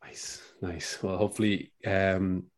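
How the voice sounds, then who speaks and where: A man's voice: low-pitched, level tone, unhurried. A man hosting a hiking podcast, chatting casually and enthusiastically, often repeating words as he thinks. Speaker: podcast host. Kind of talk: casual interview chat.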